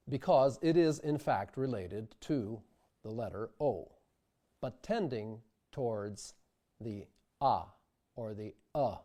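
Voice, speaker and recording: Slow, mellow-voiced male diction teacher. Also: medium pitch. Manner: measured, demonstrates word pronunciations. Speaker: diction instructor. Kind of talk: scripted instructional narration.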